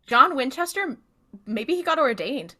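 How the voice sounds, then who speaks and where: A woman co-hosts a podcast, dropping quick, playful asides into the chat. Her voice is bright and sits a little high, and it swings up and down with a lively, animated lilt. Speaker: podcast co-host.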